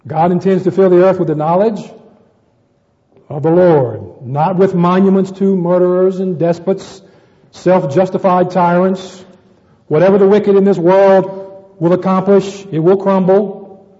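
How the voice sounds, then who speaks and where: A man's voice: sits high, steady tone, measured pace, warm tone, long reverb tail, muffled recording. A man preaching a sermon to a congregation, addressing them as brethren and often repeating words as he searches for the next.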